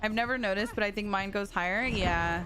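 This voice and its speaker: This young adult woman speaks in a brisk mid-range voice over background music, and the recording is very noisy. She's streaming a game and chatting casually with her chat, laughing easily and slipping between English and Spanish as she answers.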